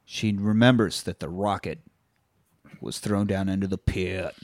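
A man's voice: unhurried, dry recording. A man in his thirties casually recapping a film, swearing freely and acting out the characters. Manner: animated storyteller, swears freely, acts out characters in high voices. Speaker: podcast co-host.

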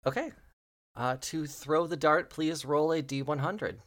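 A man's voice: fairly high pitch, unhurried. A man acting as game master, describing rolls and effects in a theatrical way. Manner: animated, theatrical. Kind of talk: running a tabletop game.

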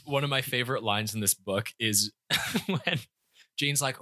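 Bright enthusiastic young man chatting. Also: medium pitch, unhurried, dry recording, studio quality. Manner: laughs often, enthusiastic, with stumbling restarts. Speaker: podcast co-host. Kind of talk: casual book-discussion chat.

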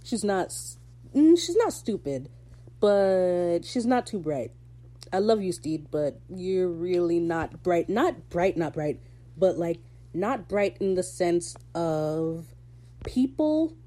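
Woman with a mellow voice, excitable recap. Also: fairly low pitch, slow pace. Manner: animated, gushing and swearing, with sudden excited outbursts. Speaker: podcast host. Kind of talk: casual episode recap.

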